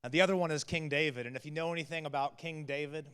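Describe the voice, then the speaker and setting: A man's voice: fairly high pitch, steady tone, fast, fairly bright tone, smooth. A man who is a teaching pastor, giving a sermon in a casual storytelling way with many fillers. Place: church hall. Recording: long church hall reverb.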